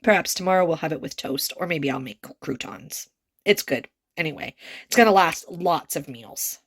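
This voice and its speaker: A woman from Canada chatting casually through a home kitchen vlog, explaining recipes step by step with plenty of enthusiasm. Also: lowish voice. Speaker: vlogger.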